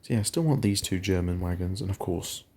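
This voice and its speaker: A man's voice: low voice, fairly quick, mellow. A man giving casual, rambling game commentary, often stopping to correct himself. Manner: rambling, self-correcting, chatty. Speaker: gaming channel host.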